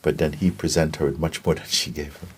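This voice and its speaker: A man giving a gentle spiritual talk and telling stories, often checking in with his listeners. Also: very deep voice, steady tone, a little hiss or hum. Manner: gentle, unhurried, keeps asking "you see?". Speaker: spiritual teacher.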